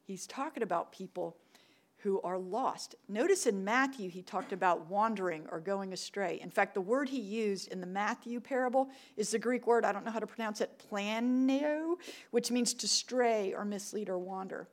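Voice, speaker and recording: Her voice sits at a medium pitch and moves at normal speed as she, a middle-aged ministry director at a church, gives a sermon. Warm anecdotes carry it, with emphatic repetition of what matters most.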